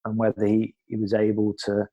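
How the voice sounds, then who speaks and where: A middle-aged man from England talks candidly in an interview, his low voice staying level and even. He is earnest and reflective, and he often circles back and restarts phrases as he gathers his thoughts. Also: fairly quick, lo-fi sound. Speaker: podcast guest, former athlete.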